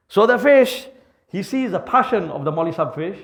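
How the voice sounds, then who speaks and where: Animated, high-pitched male preacher. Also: brisk, gravelly. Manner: vivid, dramatic storytelling; mixes Urdu and Arabic words. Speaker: Islamic preacher. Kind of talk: sermon storytelling.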